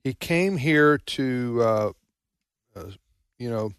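A man hosting a casual talk show, speaking hesitantly with many filler pauses. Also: medium pitch, expressive, fairly bright tone, clean tone, dry recording, studio quality. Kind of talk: casual chat.

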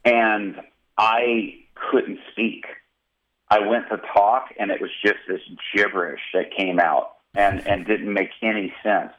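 A male pastor telling a personal testimony in an interview, animated and vivid. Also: fairly low pitch, takes it slowly, muffled recording. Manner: animated storyteller, acting out quotes.

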